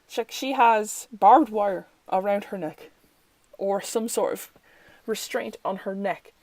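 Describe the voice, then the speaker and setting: An Irish woman talks casually through a tarot deck at a middling pitch, rambling and correcting herself as she goes. She is recorded close on the mic in a dry room with no echo. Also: slow, darkish tone. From Ireland. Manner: chatty, rambling, fillers and self-corrections.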